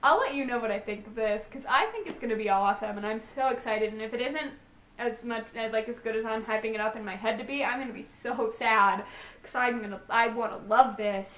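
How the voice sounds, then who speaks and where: A woman's voice: on the high side, fairly quick, fairly bright tone. Bubbly young woman gushing about books. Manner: bubbly, gushing, rambling with fillers. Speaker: book vlogger. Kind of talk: casual book haul chat. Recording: echoey room, distant mic, faint hiss.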